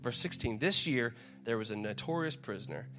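Lively intonation and a slightly fast pace mark this mid-range male preacher, with faint music behind him. His style is casual and conversational as he reads scripture, frequently repeating words and performing crowd shouts.

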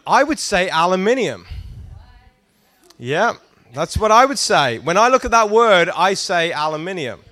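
A man's voice: high voice, bright, forceful tone, no room sound. Man, British accent, youth pastor, sermon, playful and teasing, quizzes the crowd, dry close sound. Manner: interactive, prompting the crowd to answer.

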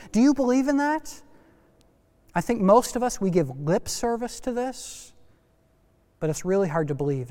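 A man preaching a sermon as pastor, lively and speaking directly to the kids listening. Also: high voice, big-room sound. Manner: lively, talks to kids in the congregation.

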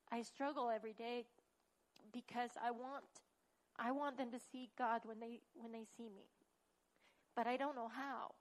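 Tearful woman speaking haltingly. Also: on the high side, fairly even intonation, rough recording. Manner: hesitant, halting. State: near tears. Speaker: class member. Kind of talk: sharing a personal struggle.

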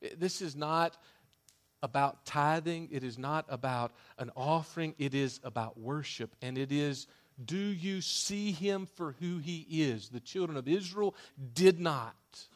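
A man preaching a sermon as a pastor, emphatic, with loud declarations that drop to hushed asides. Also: fairly high pitch, a little slow.

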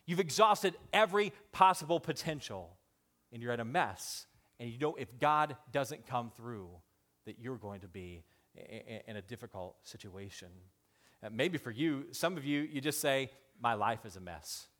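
Guy pastor in his 30s preaching, gets loud n excited then goes real quiet, stammers and restarts a lot. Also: medium pitch, moderate pace. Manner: swings from loud excited appeals to hushed emotional storytelling. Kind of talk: sermon.

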